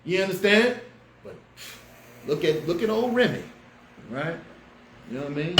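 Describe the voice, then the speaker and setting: A man preaching a street-style Bible class, fiery and slangy, swinging between loud outbursts and low asides. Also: sing-song, moderate pace, pauses often. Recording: echoey room with faint background noise.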